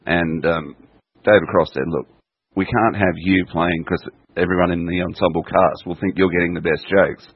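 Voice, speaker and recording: A man chatting casually and reminiscing, quick to laugh, on a dull, dry, lo-fi recording. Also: low-pitched, fairly even intonation, breathy edge, no echo. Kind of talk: casual chat.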